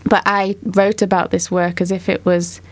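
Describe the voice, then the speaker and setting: A woman leading a casual art discussion, a mother, describing artworks slowly and thoughtfully. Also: medium pitch, flat delivery, no echo. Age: adult mother. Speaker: discussion moderator.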